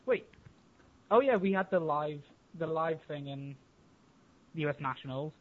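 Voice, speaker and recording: A man's voice: fairly high pitch, animated, moderate pace. A man of about twenty from Leeds, a podcast guest giving short, dry, laid-back answers. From Leeds, England. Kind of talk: casual chat. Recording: thin phone-like call audio.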